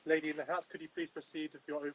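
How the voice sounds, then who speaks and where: A man's voice: on the high side, level tone, racing, slightly rough, muffled recording. Man playing a bossy mock judge. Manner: mock-stern, bossy, dry. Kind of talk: comedic podcast chat.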